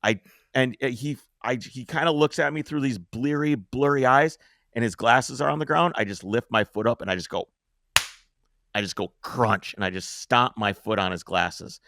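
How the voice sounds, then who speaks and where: A man hosting a podcast, telling a long story in a casual, animated way, swearing freely and acting out the scenes. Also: medium pitch, moderate pace, dry recording.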